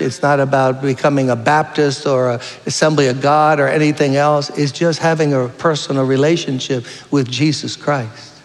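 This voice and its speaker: Fervent male preacher in a reverberant church. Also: medium pitch. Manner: fervent, appealing, storytelling preacher. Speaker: guest preacher. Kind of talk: sermon. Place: church sanctuary.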